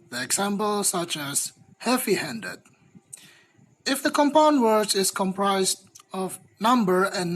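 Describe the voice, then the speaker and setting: A young woman student reading a class presentation slowly and carefully, with small grammar slips. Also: mid-range voice, low-quality recording.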